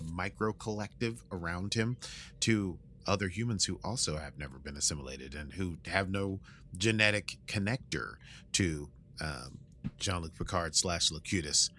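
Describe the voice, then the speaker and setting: A man hosts a podcast, casually recapping an episode and breaking into sung lines and silly voices. His voice sits low and sounds pushed and bright, with a little hiss or hum on the recording.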